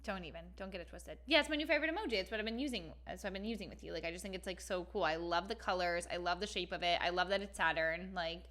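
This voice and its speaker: A young woman co-hosting a podcast in casual chat, animated and full of "like" fillers, cursing freely. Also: lowish voice, very fast, few pauses. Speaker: podcast co-host.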